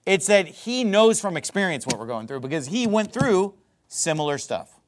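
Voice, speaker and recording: A man preaching a sermon, animated and emphatic, reading scripture aloud in old-fashioned wording and slowing down on key phrases. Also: sits high. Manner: reads scripture aloud in King James wording.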